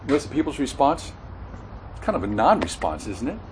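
Earnest male preacher, halting and self-correcting, with a lively rising and falling voice. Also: mid-range voice, a little hiss or hum, poor audio. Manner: halting, repeats words, corrects himself mid-sentence; earnest expository teaching, stresses key words. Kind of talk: sermon.

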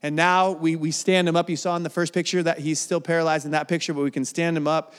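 A man's voice: fairly high pitch, level tone, fast, smooth. A man in his forties giving an earnest personal testimony from a church stage, with emotional restarts as he speaks. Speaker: guest speaker at a church service. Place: large church hall. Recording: long hall reverb.

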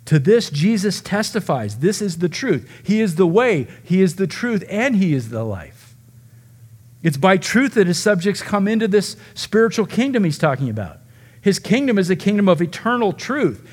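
A man delivers a sermon in a somewhat high-pitched voice. He preaches with animation, slipping into dramatized quotes from the people in the passage. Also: very animated, moderate pace, slightly rough. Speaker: pastor.

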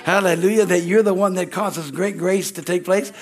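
Guy preaching sunday church sermon, slightly higher voice, goes loud then drops quiet. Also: steady tone, moderate pace. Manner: call-and-response preaching with frequent amens and hallelujahs; swings between loud exclamations and quiet asides. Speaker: pastor. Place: church sanctuary.

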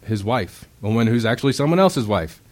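The voice is lowish, animated and fairly quick, belonging to a young man giving a sermon. He preaches casually, as if in conversation, uses lots of fillers like "um," and acts out quoted voices, getting loud in sudden bursts.

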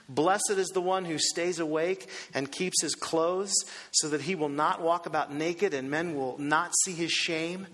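Male pastor, high voice, emphatic sermon delivery full of rhetorical questions, heard in a big echoing hall. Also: a bit bright.

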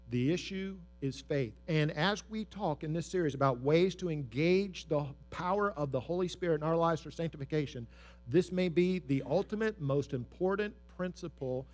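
A male pastor giving a sermon in a church, speaking earnestly with repeated phrases for emphasis. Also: on the high side.

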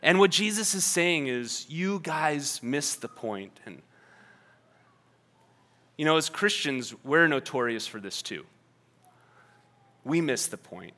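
A man's voice: a little high, animated, slow, long pauses, sharp tone. A man preaching a sermon in a conversational, emphatic manner, with playful asides to the congregation. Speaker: pastor.

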